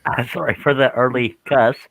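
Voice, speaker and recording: A man's voice: medium pitch, steady tone, normal speed, creaky, a bit bright, dry recording, low-quality recording. A middle-aged man hosting a live stream, chatting casually, joking about himself and greeting viewers by name.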